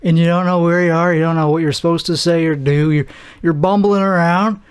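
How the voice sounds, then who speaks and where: A young man hosting a solo podcast, rambling and self-deprecating with halting restarts, out of breath. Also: on the high side, steady tone, clean tone. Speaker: podcast host. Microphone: camera mic.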